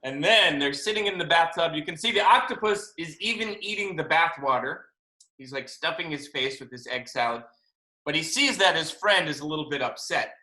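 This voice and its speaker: A children's book author with a fairly high male voice reads a picture book aloud to young children over a video call at a normal speed. He's animated and chatty, and the room around him is echoey.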